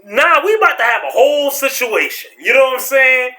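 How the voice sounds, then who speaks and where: High bright-voiced man telling a story. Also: a little fast. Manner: animated, slangy, acts out voices. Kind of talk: casual storytelling vlog.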